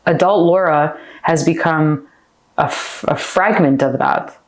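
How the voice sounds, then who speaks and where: A woman's voice: low-pitched, measured pace. A woman telling her personal story as a podcast guest, in a chatty, heartfelt way full of fillers. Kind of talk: candid personal interview.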